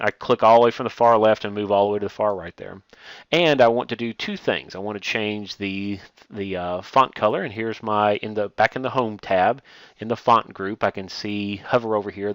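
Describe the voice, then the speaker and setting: A male instructor walking through a software tutorial step by step, plainly explaining with occasional fillers. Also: fairly low pitch, steady tone, normal speed, dry recording, highs cut off.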